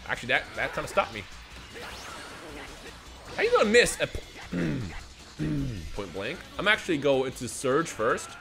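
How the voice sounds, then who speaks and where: A young man giving casual, joking commentary on a game he is playing, with sudden loud outbursts and slang. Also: mid-range voice, huge pitch swings, a little slow, gravelly, long pauses. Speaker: gaming video creator. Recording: voice over game music.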